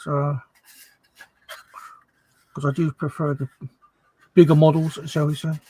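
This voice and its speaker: Hesitant man, slightly high voice. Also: level tone, a little slow, dark tone, slightly rough, rough recording. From England. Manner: hesitant, lots of ums, chatty. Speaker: guest on a livestream. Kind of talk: casual chat.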